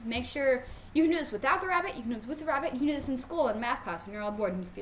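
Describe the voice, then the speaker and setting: A woman's voice: high-pitched, lively intonation, rapid-fire, few pauses, slight background noise. A woman instructor teaching youth how to show rabbits, playful and emphatic, repeating her key points. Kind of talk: casual instructional video.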